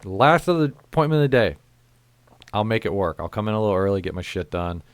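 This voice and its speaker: Male host, casual profane storyteller, lowish smooth voice. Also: expressive, fast talker, no echo. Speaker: podcast host. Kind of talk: casual chat.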